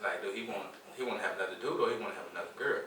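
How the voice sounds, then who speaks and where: Fast, bright-voiced man in an echoey room. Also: on the low side, a little hiss or hum. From Houston, Texas. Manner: animated storyteller acting out quoted dialogue. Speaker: podcast co-host. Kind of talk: casual group chat. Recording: echoey room, mic at a distance.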